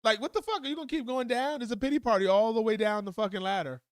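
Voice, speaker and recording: A man with a high voice rants on his live stream, swearing bluntly and heatedly. the sound is dry and close, with no room echo at all. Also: fast, smooth. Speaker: livestream host. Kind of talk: profane live commentary rant.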